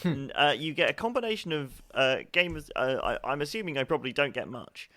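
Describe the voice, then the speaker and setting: A man player in a tabletop game, speaking haltingly with many restarts. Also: fairly high pitch, expressive, a bit bright. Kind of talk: tabletop role-play chat.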